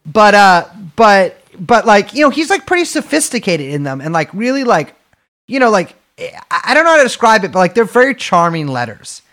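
A man's voice: high-pitched, sing-song, normal speed, fairly bright tone. A man co-hosting a podcast in casual chat, rambling and joking with lots of fillers. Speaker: podcast co-host.

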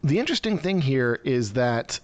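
A man's voice: medium pitch, big pitch swings, normal speed. A man hosting a live stream over a video call, giving rambling, sarcastic news commentary full of fillers and restarts.

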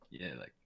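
A man hosting a podcast, chatting casually, curious and joking, firing off questions. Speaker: podcast host. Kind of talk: casual chat.

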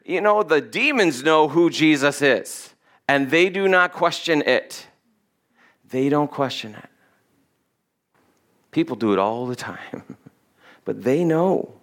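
A man's voice: a little high, expressive, slow pace, pauses often, fairly bright tone. Man preaching a casual sermon. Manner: casual, acts out quotes in voices. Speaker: pastor. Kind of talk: conversational sermon.

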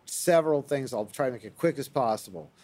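A man's voice: medium pitch, expressive, a little fast, a little mellow. A man in casual conversation, rambling enthusiastically with frequent fillers and restarts. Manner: rambling, enthusiastic about old records.

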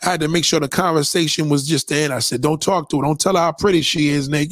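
A man's voice: on the high side, fairly even intonation, fast, a bit bright, no room sound, studio quality. Preachy, profane man streamer. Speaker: live streamer. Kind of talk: casual profane monologue.

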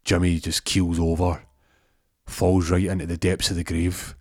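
A man spins a crude comic tale. He rambles and restarts often, and his voice is fairly low. The sound is dry and close. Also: little pitch movement, a little slow, darkish tone, no echo. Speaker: comic storyteller. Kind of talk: improvised comic storytelling.

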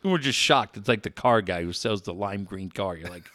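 A man's voice: lowish voice, a little fast, no room sound. A man telling stories in a casual chat, swearing often and acting out the people he quotes. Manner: profane, animated, acts out quoted people.

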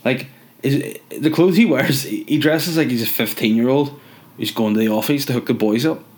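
A man's voice: medium pitch, normal speed, a little mellow. A young man with a cold, ranting in a rambling, jokey, sweary way in a casual chat. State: stuffy from a cold. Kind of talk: casual comedic rant.

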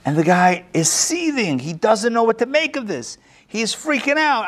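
A man who is a rabbi, teaching a live class and telling jokes with lively, animated voices for the characters. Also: moderate pace. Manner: animated storyteller, acts out joke characters with big pitch swings. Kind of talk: live lecture with joke-telling. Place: synagogue classroom, recorded live before an audience.

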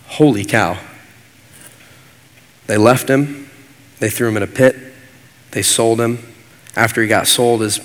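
A man's voice: lowish voice, a bit bright. A man preaching a sermon as pastor, earnest and repetitive in his cadence. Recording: long hall reverb.

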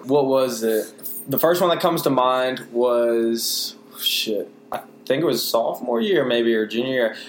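A young man, co-host of a casual talk show, telling a story with animated quotes and swearing. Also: mid-range voice, unhurried. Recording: echoey room with faint hiss.

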